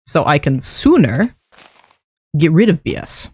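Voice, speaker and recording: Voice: mid-range voice, lively intonation, moderate pace, a little mellow, slightly rough, dry recording, clean studio sound. A streamer giving casual gameplay commentary, rambling to themself and chuckling at their own mistakes while building. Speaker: streamer building a game base.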